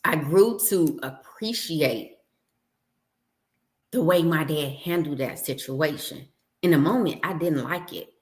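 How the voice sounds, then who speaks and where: Low-pitched woman host, casual storyteller, brings quoted dialogue to life. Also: slow pace, reverberant. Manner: animated storyteller, acts out dialogue. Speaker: livestream host. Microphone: home livestream setup.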